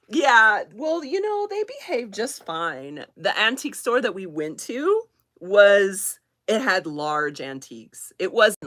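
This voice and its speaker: A woman's voice: fairly low pitch, a bit bright, no echo. A woman in her thirties from Kansas, chatting on a live stream about dolls, rambling, laughing often and close to tears. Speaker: doll collector hosting a live chat. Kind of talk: casual live-stream chat.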